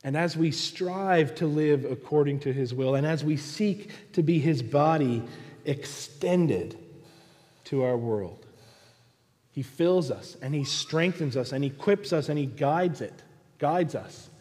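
A man preaching a sermon as pastor, in a large church with soft music behind. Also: a little high, takes it slowly, big-room sound. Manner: acts out pleading prayers in a raised voice, then answers softly. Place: church sanctuary.

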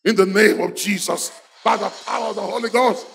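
High-voiced shouting preacher. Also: male voice, fairly even intonation, a little fast, creaky. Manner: exhorting, repetitive, bursts into shouts. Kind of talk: fiery sermon with call-and-response.

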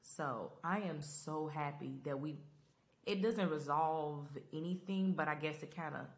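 This podcast host has a deep voice and talks a little slowly while recapping a TV finale in a Black style. She rambles casually and emotionally, speaking straight to her listeners with lots of expression.

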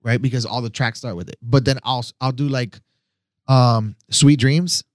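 A man's voice: medium pitch, steady tone, normal speed, no room sound, clean studio sound. A man co-hosting a podcast as a DJ, explaining in a casual, laid-back way. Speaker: DJ and podcast co-host. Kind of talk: casual chat.

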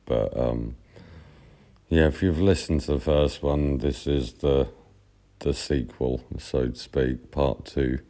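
A man telling a casual, rambling anecdote with many pauses, fillers and restarts. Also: very deep voice, dark tone. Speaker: podcast storyteller.

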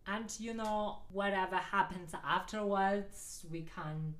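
A woman's voice: mid-range voice, slow, a bit bright. A woman co-hosting a comedy podcast, talking in an earnest, mock-sincere way. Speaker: podcast co-host. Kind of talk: comedic banter.

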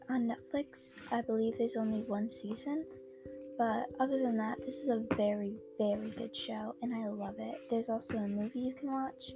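A woman's voice: fairly high pitch, gravelly. Chatty young-sounding woman reading fan fiction. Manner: chatty, filler-heavy, apologetic. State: tired from a sleepless night. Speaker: fan fiction podcast host. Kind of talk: casual chat and story reading. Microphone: old low-quality microphone.

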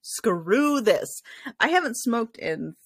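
A woman's voice: fairly high pitch, sing-song, takes it slowly, husky, no echo, studio quality. A young woman co-hosting a casual parenting chat, venting and laughing often. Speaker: podcast co-host.

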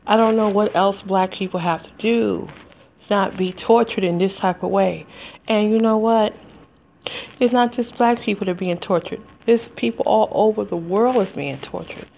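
A woman's voice: medium pitch, moderate pace, gravelly. A woman speaking in a heartfelt, rambling solo podcast monologue straight to her listeners. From United States. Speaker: podcast host. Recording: slightly dull lo-fi home recording.

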